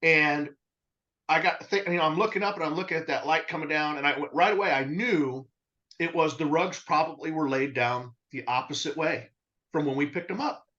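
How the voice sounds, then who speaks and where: A man's voice: on the high side, normal speed. A man co-hosting a podcast, telling a customer story in casual talk and acting out the dialogue. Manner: animated storyteller, acts out dialogue. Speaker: rug cleaning business co-host. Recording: dull lo-fi sound.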